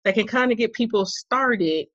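A chatty woman hosts a podcast interview and asks long, winding questions with easy curiosity. Her voice sits at a middle pitch and comes across dull and muffled, with a dry, close sound. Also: expressive, moderate pace, a bit bright, no room sound. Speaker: podcast host. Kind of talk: casual interview.

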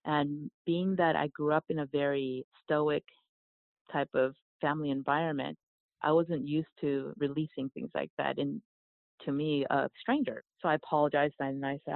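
A gravelly, fry-laden voice heard over a tinny, phone-like line, dry with no room sound. The speaker, from South Korea and a yoga teacher, talks earnestly and reflectively, often restarting phrases. The pitch sits in a middle range. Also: steady tone, normal speed, no echo. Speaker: podcast guest, yoga teacher. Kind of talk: storytelling in conversation.

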